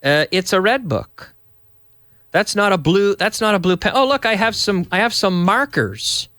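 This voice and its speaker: A man teaching English to Spanish speakers, repeating words slowly and switching between both languages. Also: sits high, animated, sharp tone, no echo, studio quality. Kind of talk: bilingual English lesson.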